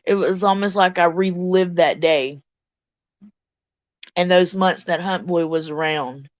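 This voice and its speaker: A woman from Mississippi with a thick Deep South drawl hosts a casual live chat, blunt and chatty. Her voice sits low for a woman. The sound is dry and a little muffled, like a basic home microphone. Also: steady tone, unhurried, no room sound. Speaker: livestream host reading chat.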